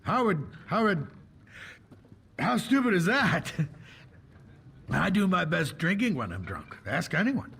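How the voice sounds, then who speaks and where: A man voicing a boisterous drunken tavern patron in a fantasy video game, talking with a loud, slurring swagger. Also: high-pitched, sing-song, slow, gravelly, long pauses, breathy edge, heavily acted. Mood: boastful.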